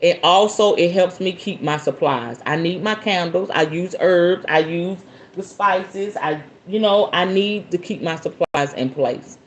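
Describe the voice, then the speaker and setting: A woman's voice: fairly low pitch, measured pace. A woman with a Southern American accent hosting a casual spiritual talk, chatty and folksy and breaking into laughter. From Southern United States. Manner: chatty and folksy, calls listeners y'all and baby, bursts of laughter. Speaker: spiritualist host. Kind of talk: casual live talk answering viewer questions.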